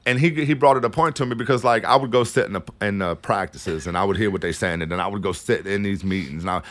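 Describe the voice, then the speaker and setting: A man telling loose, profane stories as a guest. He talks in a rambling, animated way, full of asides and restarts. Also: fairly low pitch, fast talker, dry recording. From New Orleans. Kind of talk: casual storytelling.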